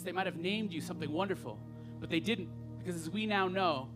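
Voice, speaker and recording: Into a stage microphone at a festival, a high-pitched man performs spoken word poetry live. His delivery is rhythmic, punctuated by pointed pauses.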